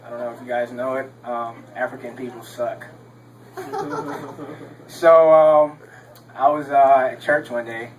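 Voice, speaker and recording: A man's voice: medium pitch, big pitch swings, slow pace, pauses often, recorded from a distance, dull audio, background noise. Young man rambling through a stand-up set. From Texas. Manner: rambling, laughs at his own jokes, many ums. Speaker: stand-up comedian. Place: comedy club stage with audience.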